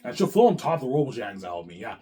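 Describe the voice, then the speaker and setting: A man's voice: mid-range voice, big pitch swings, racing, dark tone. A man talking straight to his viewers in a long, rambling, profane monologue, repeating himself and restarting his sentences. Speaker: vlogger.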